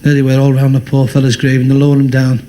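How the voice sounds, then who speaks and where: A man's voice: mid-range voice, monotone, fast talker, dark tone, a little hiss or hum. A man telling jokes on stage in a chatty way, laughing at his own punchlines. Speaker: stand-up comedian. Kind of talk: stand-up joke telling.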